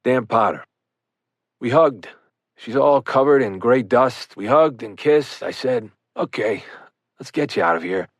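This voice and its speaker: A man narrating a firefighter's first-person account for an audiobook, measured and earnest. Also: medium pitch, expressive, dry recording, studio quality.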